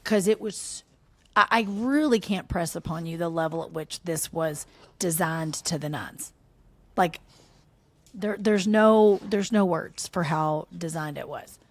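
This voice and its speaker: A woman with a Southern US accent co-hosting a casual podcast chat, animated and fond of acting out quoted lines in playful voices. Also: fairly low pitch, a little slow. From American South. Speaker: podcast co-host.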